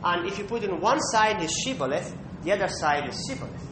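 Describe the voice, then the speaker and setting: High-voiced man preaching in an echoey room. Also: a little fast. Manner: emphatic, with rhetorical "Hmm?" checks. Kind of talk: sermon. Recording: echoey room with faint rumble.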